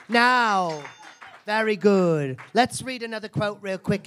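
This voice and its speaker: A man's voice: high-pitched, unhurried, fairly bright tone. A man hosting a live comedy show on a theater stage, mock-solemn and abrasive, swearing and laughing at his own jokes.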